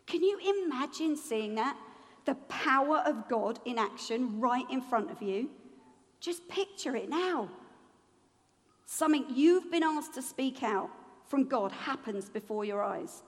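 High-voiced woman preaching. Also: unhurried, big-room sound. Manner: lively, humorous, acts out voices. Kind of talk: sermon.

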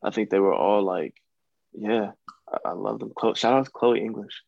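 A man's voice: lowish voice, moderate pace, vocal fry, darkish tone, no echo, lo-fi sound. A young adult man from the United States, an actor talking casually as a guest, rambling and hesitant, with many restarts. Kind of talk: casual conversation.

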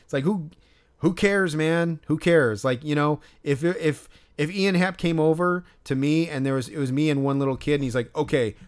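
A man's voice: on the high side, normal speed, clear, resonant tone. A man co-hosting a podcast, in casual chat, ranting and swearing a lot. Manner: profane, ranting. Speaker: podcast co-host.

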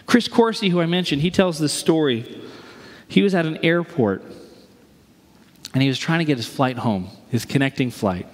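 Pastor preaching in a reverberant hall. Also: male voice, fairly high pitch, normal speed, pauses often. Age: middle-aged. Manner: storytelling, animated, acts out quoted voices. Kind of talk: sermon. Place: large church auditorium. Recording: long reverb of a large hall.

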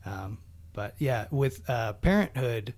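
A man's voice: medium pitch, expressive, slow pace, darkish tone. A man chatting casually about TV shows, meandering and heavy on filler words. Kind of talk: casual podcast chat.

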